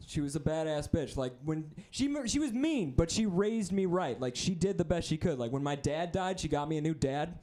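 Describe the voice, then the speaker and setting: A young man from the Midwest doing a stand-up comedy set, rambling and self-deprecating with crude deadpan asides. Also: on the high side, moderate pace, few pauses. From American Midwest (Wisconsin).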